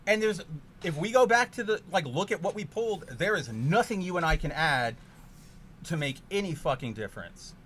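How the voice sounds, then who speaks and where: A man chats casually while streaming a card game, his fairly high voice swinging wildly as he rants. He swears freely and flares into loud exasperated outbursts. A faint hiss sits under the mic. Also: expressive, moderate pace.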